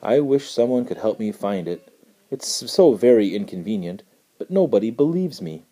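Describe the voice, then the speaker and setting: A man's voice: fairly low pitch, very animated, moderate pace, warm tone. A man doing a meek, plaintive storybook fellow. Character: sad, simple-minded grown man who lost his head.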